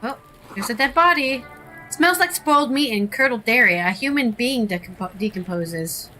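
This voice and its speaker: A woman's voice: a little high, animated, moderate pace, bright, forceful tone, faint music behind, poor audio. A woman streamer giving casual, chatty gameplay commentary and reading choices aloud.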